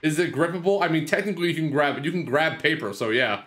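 Animated young man streamer, swearing. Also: fairly high pitch, fast, soft background music. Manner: joking, swearing, animated banter. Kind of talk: casual livestream chat.

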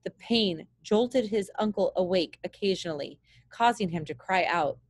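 Lady teacher reading a kids book out loud, steady, dry close mic. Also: mid-range voice, moderate pace, no echo. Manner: steady, plain read with small slips. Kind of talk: reading a children's book aloud.

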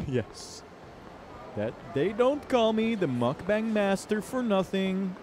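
A Dutch-speaking man voicing a hyped-up male mukbang video host, with loud, over-the-top announcer delivery and game music playing behind. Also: high voice, animated, takes it slowly, a little hiss or hum, voice pushed up.

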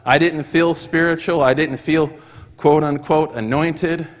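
A man preaching a sermon in church, telling a story and acting out the voices of the people in it with rising excitement. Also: on the high side, unhurried. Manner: acts out quoted voices, rising to excited shouts. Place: church hall. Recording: long hall reverb.

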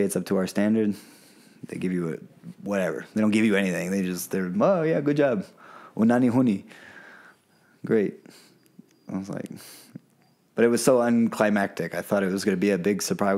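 Podcast guest, male, very low voice, earnest storyteller. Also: creaky, a little mellow. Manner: candid, earnest, acts out quoted voices. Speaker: podcast guest, plant medicine guide. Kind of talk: casual storytelling in an interview.

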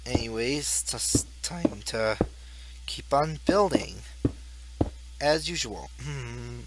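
A man's voice: mid-range voice, animated, slow, background noise. A young man giving rambling, goofy Let's Play commentary as a gaming YouTuber, laughing at his own jokes.

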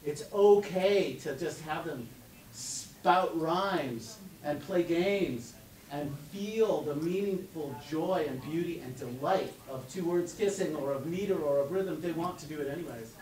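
A man with a slightly raised voice delivers an animated conference lecture and recites verse aloud. He stands some distance from the microphone, so his voice carries a roomy hall echo. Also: fairly high pitch, measured pace. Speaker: conference speaker. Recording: echoey hall from far off.

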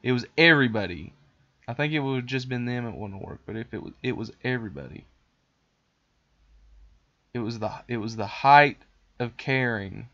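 A man's voice: medium pitch, normal speed, pauses often. Rambling man on a dull podcast mic. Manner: rambling, animated, with fillers. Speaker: podcast host. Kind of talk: casual retelling of a cartoon.

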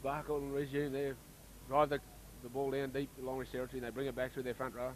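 An Australian man giving casual, chatty commentary on a local rugby league match, getting excited when play heats up. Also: mid-range voice, quick pace, a little hiss or hum, low-quality recording.

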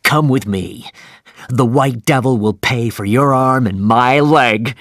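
A man voicing a fierce, obsessed old sea captain who shouts his commands in an audiobook. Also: medium pitch, slow pace, no room sound, clean studio sound. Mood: eager. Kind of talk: audiobook character voice.

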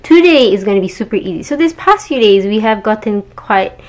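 A chatty young woman from Malaysia talks straight to camera in a casual travel vlog. Her pitch sits in a middling range, and she keeps things upbeat with quick asides and little jokes. There is no special coloring to her voice. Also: animated. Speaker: travel vlogger.

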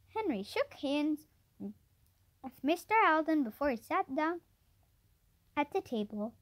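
A woman with a high, lively voice reads a children's chapter book aloud. Her pitch rises and falls a lot, and she trips over a word now and then before going on. The pace stays plain and unhurried. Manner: plain read-aloud with small stumbles and restarts. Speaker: storybook reader.

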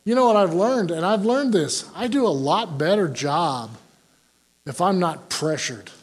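Folksy joking older pastor, high-voiced man. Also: animated, a little slow, slightly rough. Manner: folksy and joking, with frequent "Amen?" to the congregation. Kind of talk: sermon.

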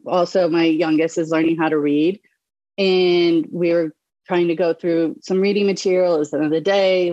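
Chatty host mom, voice on the low side, lots of likes and ums. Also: female voice, darkish tone, no room sound, muffled recording. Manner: chatty, many fillers and restarts. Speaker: podcast host. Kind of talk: casual conversation.

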